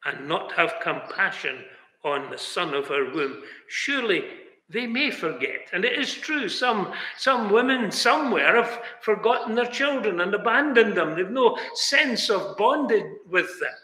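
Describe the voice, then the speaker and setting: A man's voice: high-pitched, very animated, unhurried, pushed and bright. A man preaching a sermon in a chapel, emphatic, asking rhetorical questions and speaking straight to his listeners. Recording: echoey chapel with long reverb.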